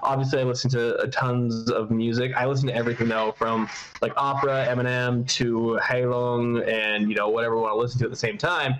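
A man's voice: medium pitch, flat delivery, brisk, a bit bright, slight background noise, rough recording. A man co-hosting a podcast in casual chat, rambling with lots of fillers and the odd curse word. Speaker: podcast co-host.

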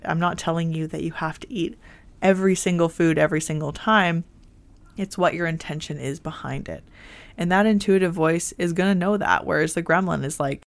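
A woman hosting a self-help podcast, talking in a gentle, reassuring and encouraging way. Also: deep voice, moderate pace, creaky. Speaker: podcast host.

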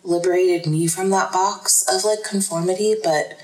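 A woman with a low voice, speaking as a podcast guest. She talks in a thoughtful, measured way, pausing on fillers as she works through ideas. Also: steady tone, darkish tone, poor audio. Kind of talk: casual interview talk.

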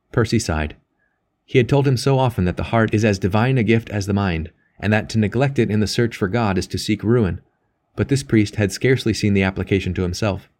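A man narrating an audiobook in a measured, steady way. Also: on the low side. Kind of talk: audiobook reading.

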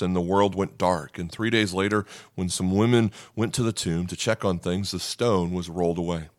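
A man's voice: fairly low pitch, no echo, studio quality. A man preaching a sermon in an earnest way, repeating key lines and acting out quoted prayers. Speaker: pastor.

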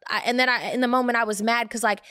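Rapid-fire and lively, a young woman co-hosting a podcast narrates a personal tale in casual conversation, raising her voice's pitch to act out what people said. The studio sound is clean with no echo.

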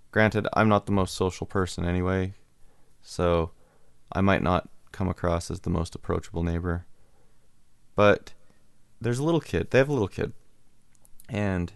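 A man's voice: fairly low pitch, vocal fry, no echo, clean studio sound. A man hosting a show, casually telling a rambling story about his neighbors, restarting sentences and chuckling as he goes. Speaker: radio show host.

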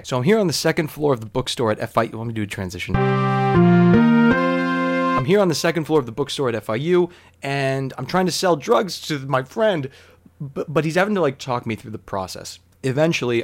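A man recounts a comic personal story, mocking himself and swearing freely. His voice sits at an ordinary pitch for a man, but he swings between hushed asides and loud bursts.

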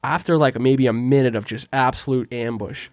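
A man's voice: medium pitch, moderate pace, no room sound, clean studio sound. Slangy young man telling stories. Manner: animated storyteller, slangy, says "right?" a lot. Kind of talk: casual storytelling chat.

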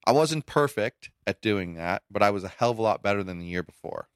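A middle-aged man co-hosting a podcast in casual chat, blunt and emphatic, his pitch jumping when he presses a point. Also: animated, brisk, smooth, dry recording, studio quality. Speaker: podcast co-host.

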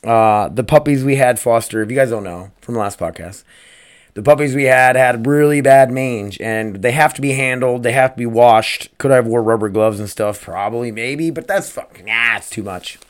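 A man's voice: mid-range voice, moderate pace. A man hosting his own podcast, talking casually in a rambling, profane way, earnest and upbeat, and peppering his speech with "man" and "dude". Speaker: podcast host. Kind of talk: casual solo podcast talk.

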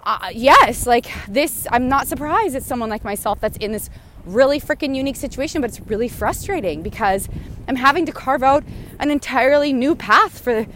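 A woman hosting a podcast talks through her frustrations in a loose, rambling monologue, dropping swear words freely. She is recorded outdoors on a walk, and faint outdoor ambience sits behind her fairly high voice. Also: animated, normal speed, fairly bright tone, a little hiss or hum. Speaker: podcast host. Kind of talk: casual spoken monologue. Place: outdoors, walking near a goose.

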